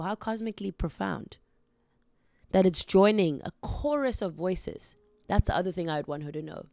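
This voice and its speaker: A woman hosting a podcast, speaking slowly and earnestly in a heartfelt, reflective monologue. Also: mid-range voice, no room sound. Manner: slow, earnest, gently encouraging. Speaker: podcast host.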